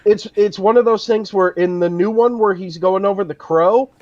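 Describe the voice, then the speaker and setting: High-pitched guy cohosting a podcast, cusses a lot, dry dull lo-fi sound. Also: normal speed, a crowd in the background. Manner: profane, animated storyteller. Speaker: podcast co-host. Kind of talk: casual chat. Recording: dull lo-fi audio.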